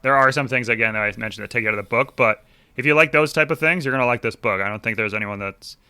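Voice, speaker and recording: A man on a book-club podcast with a very bright, forceful tone and a mid-range voice. The sound is close and dry, and he speaks in a relaxed, easygoing way. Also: mid-range voice, quick pace, clear, resonant tone, no echo. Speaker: podcast co-host. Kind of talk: casual book-club chat.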